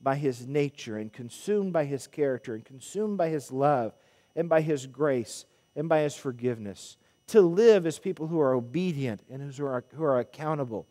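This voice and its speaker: A man, a minister preaching a sermon to his congregation in an animated way, with emphatic calls to the people. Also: mid-range voice, moderate pace. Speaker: pulpit minister. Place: church sanctuary. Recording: long church reverb.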